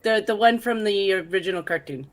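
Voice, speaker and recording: A woman's voice: medium pitch, fairly quick. A woman in a casual group chat, playful and teasing, laughing easily.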